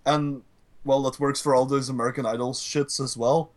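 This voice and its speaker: A man's voice: mid-range voice, steady tone, normal speed. A man co-hosting a casual podcast chat, ranting in a rambling, profane way. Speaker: podcast co-host.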